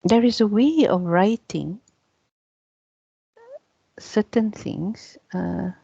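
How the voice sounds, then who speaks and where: A woman's voice: medium pitch, extremely slow, creaky, warm tone, slightly rough, no echo. A woman teacher giving a casual lecture on Arabic grammar, chatty and full of "yeah" and "you know" fillers. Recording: dull, muffled sound.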